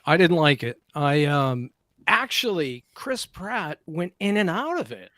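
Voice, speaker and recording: A man's voice: fairly high pitch, very animated, measured pace, a bit bright, no room sound, studio quality. A man talking as a guest in a casual movie review chat, blunt and incredulous.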